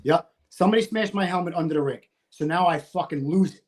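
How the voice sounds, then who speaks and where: A man in his fifties, a retired firefighter from the United States, swearing freely as he tells a story in casual conversation and acting out his own shouting. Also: on the high side, quick pace. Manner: profane, animated, acts out his own shouting.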